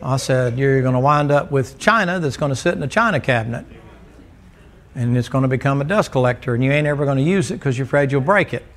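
Speaking fast with lively intonation at a medium pitch, this preacher delivers a folksy, humorous sermon to his church congregation. He's a joking storyteller who likes to tease the people in the pews.

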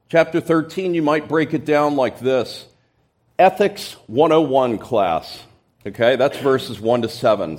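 A pastor preaching an expository sermon in church, explaining scripture and stressing key words with sudden emphasis. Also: male voice, mid-range voice, darkish tone.

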